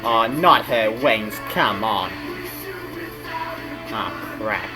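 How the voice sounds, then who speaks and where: Australian man, reaction video host, exclaiming, outraged, slow pace, music in background. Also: fairly low pitch, rough recording. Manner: exclaiming, outraged groans and threats. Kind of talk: casual reaction commentary.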